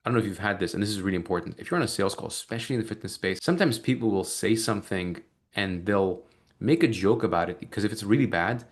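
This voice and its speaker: Brief: male sales coach on a video call, brisk, rapid-fire delivery, low voice, plays both sides of sales calls. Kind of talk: live sales training call.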